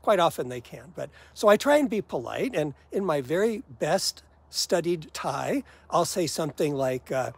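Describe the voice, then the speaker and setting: A man's voice: on the high side, big pitch swings, normal speed, creaky, hardly any pauses, husky. An older man chatting to camera about everyday gripes, wry and easygoing, often laughing at himself. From United States. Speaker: vlogger. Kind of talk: casual talk to camera.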